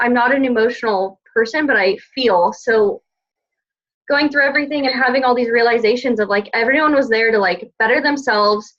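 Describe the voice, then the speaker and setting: A woman's voice: fairly high pitch, a bit bright. A woman coach telling her team about a weekend in a heartfelt, gushing way, full of "like". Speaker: team coach on a group call. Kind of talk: emotional casual sharing. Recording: dull lo-fi call audio.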